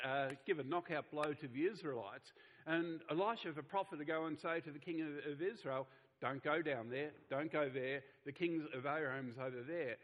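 A middle-aged man delivers a sermon in an earnest, conversational style. His voice sits a little higher than most men's, and he often restarts his phrases. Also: poor audio. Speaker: pastor.

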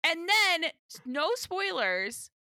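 A woman co-hosting a casual rewatch podcast, animated and exasperated, swearing casually as she chats. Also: extremely high pitch, takes it slowly, no room sound, studio quality. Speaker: podcast co-host.

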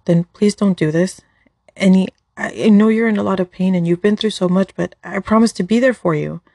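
A woman's voice: medium pitch, fairly quick, vocal fry, mellow, no echo, studio quality. A woman reading as a pleading young man. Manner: pleading, voice breaking. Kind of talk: storybook dialogue read aloud.

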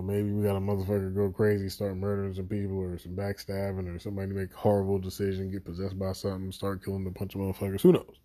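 Profane, animated man reviewing a series. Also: low voice, no room sound. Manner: profane, animated storytelling with acted inner voices. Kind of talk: casual spoken review.

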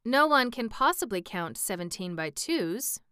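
An earnest young boy adventurer from a storybook, read by a woman. The voice is very smooth and resonant, in a dry recording without room sound, at a middle pitch lifted a little for the part. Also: big pitch swings, measured pace, bright, forceful tone, no echo. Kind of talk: audiobook reading.

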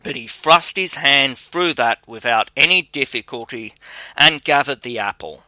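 A man reading a fairy tale aloud as narrator, with a measured, even storytelling delivery. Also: mid-range voice, dry recording.

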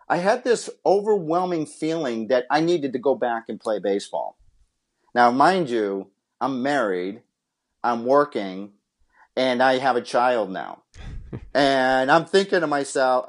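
A man from Massachusetts, a podcast guest, telling his life story in an earnest, heartfelt way. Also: mid-range voice. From Massachusetts, USA. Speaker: interview guest, former pitcher and scout. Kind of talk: personal storytelling in a podcast interview.

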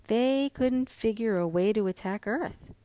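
A woman voicing an excitable, scheming little girl who talks eagerly and a bit whiny in a storybook reading. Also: a little high, measured pace, dry recording, lightly acted. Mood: excited.

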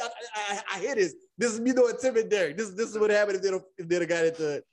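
A man's voice: sits high, racing, few pauses. A man co-hosting a podcast in casual chat, animatedly acting out a friends' argument with frequent laughter. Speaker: podcast co-host.

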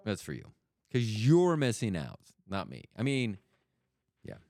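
A man's voice: on the low side, huge pitch swings, unhurried, creaky, darkish tone, dry recording, clean studio sound. A middle-aged man hosting a solo podcast, rambling and joking as he keeps cutting himself off. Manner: rambling, self-interrupting, jokey. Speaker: podcast host.

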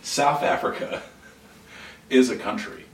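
A man, a lead pastor, chatting casually on a podcast, joking around and laughing often, with halting restarts. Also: medium pitch. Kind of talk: casual chat. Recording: roomy sound from a distant mic, faint noise.

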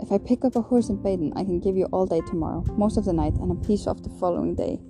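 A woman reading the part of a nervous, eager young male scribe who talks in a hurried, hesitant way, with guitar music behind. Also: lowish voice, close to an everyday voice. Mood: flustered.

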